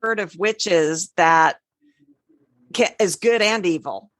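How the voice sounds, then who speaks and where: Podcast co-host, woman, lowish voice, dry close sound, chatty storyteller. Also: slow pace, no room sound. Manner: chatty storyteller, spells words out, trails off. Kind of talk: casual podcast chat.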